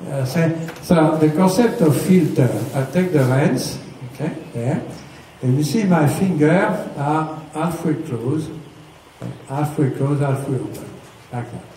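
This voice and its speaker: A man's voice: fairly high pitch, animated, a little slow, mellow. A man giving a hands-on riding lesson, patiently explaining step by step and checking for understanding. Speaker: riding instructor. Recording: echoey, distant mic with faint noise.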